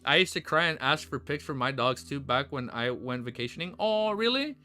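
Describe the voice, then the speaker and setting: A man's voice: medium pitch, animated, fairly quick, pushed and bright. A young man streamer rambling casually through his outro from the floor at home, often breaking into playful baby talk with his dog. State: low energy.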